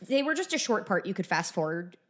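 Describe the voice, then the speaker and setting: A woman's voice: mid-range voice, sing-song, fairly quick. Chatty laughing woman from New England. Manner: chatty, laughs often, trails off and restarts. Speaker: podcast co-host. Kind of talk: casual chat.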